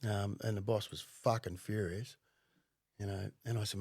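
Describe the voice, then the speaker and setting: A man's voice: on the low side, unhurried, darkish tone, no room sound, clean studio sound. A man with an Australian accent telling stories on a podcast in a blunt, profane way, laughing often. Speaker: podcast guest, former undercover cop. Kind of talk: casual storytelling.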